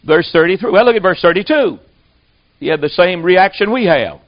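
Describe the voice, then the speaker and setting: A man with a fairly high voice preaching a sermon, telling stories in a plain folksy way. The recording is dull and lo-fi, with muffled highs. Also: animated, brisk. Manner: folksy storytelling.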